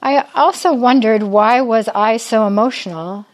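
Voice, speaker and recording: A woman's voice: fairly high pitch, unhurried. Chatty older woman teaching Bible. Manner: chatty, asks the audience questions. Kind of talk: conversational Bible teaching to women.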